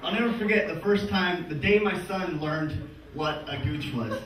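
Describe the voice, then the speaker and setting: A man's voice: on the high side, moderate pace. A man in his thirties doing a crude live stand-up set, often laughing through his own punchlines. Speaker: stand-up comedian. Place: comedy club stage with audience. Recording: distant, echoey live-room recording with loud audience noise.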